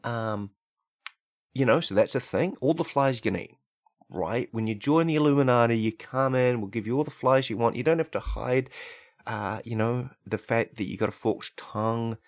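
A man hosting a comedy podcast from a home setup, talking in a loose, rambling way with plenty of ums and a habit of asking "right?". His pitch sits in an ordinary middle range. The sound is dry and close, with no room echo. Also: moderate pace. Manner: loose and rambling, many fillers and "right?", deadpan absurd. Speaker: podcast host.

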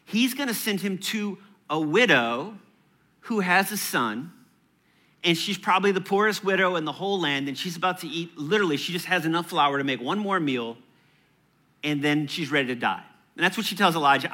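Bright-voiced man preaching casually. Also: fairly high pitch, moderate pace. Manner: conversational, playful preaching with asides and laughs. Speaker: pastor. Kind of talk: sermon. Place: church.

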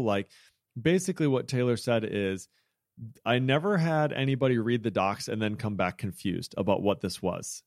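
A podcast host with a medium-pitched, darkish male voice talks at a normal speed with lively intonation, explaining programming features in a chatty, casual technical way. He corrects himself and drops jokey asides as he goes. The recording is dry and studio quality.

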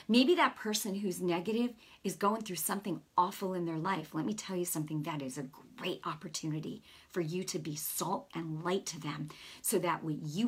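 A woman's voice: lowish voice, breathy edge. A middle-aged woman giving an earnest, conversational sermon, telling a personal story with lots of casual asides. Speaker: preacher.

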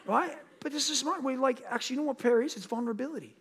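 A man's voice: extremely high pitch, big pitch swings, racing, vocal fry, hardly any pauses, fairly bright tone. A man in his thirties preaching a sermon as a pastor, conversational and candid, rising to emphatic peaks on key points. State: tired.

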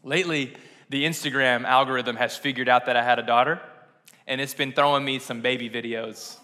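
Medium in pitch, with fairly even intonation, a brisk pace and a sharp tone, a young pastor delivers an informal sermon. He chats, jokes at his own expense and laughs often, his voice echoing with long reverb through the church sanctuary.

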